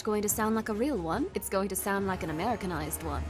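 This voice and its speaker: A woman streaming live, chatting casually and rambling as she reacts to a game showcase, with show audio and music playing behind her. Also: mid-range voice. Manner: chatty, rambling, quick laughs and exclamations.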